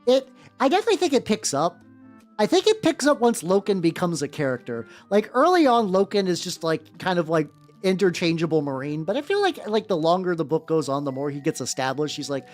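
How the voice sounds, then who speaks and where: A woman's voice: lowish voice, very animated, brisk, darkish tone. A woman chatting casually on a live stream while painting miniatures, rambling with lots of fillers and casual swearing. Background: faint background music.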